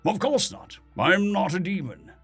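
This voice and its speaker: A man voicing a defiant dead atheist who stays calm and coldly confident, asking one probing question after another. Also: high-pitched, unhurried, breathy edge, faint music behind, voice pushed up, full character voice.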